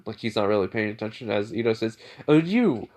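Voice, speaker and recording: A man's voice: lowish voice, completely flat delivery, quick pace. A man casually narrating an improvised fan story, rambling with lots of fillers. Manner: rambling, filler-heavy retelling.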